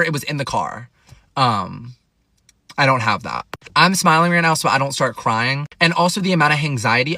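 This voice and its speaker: Animated young man telling a story. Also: no room sound. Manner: animated, swears freely, jumps in pitch for emphasis. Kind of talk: casual storytime monologue.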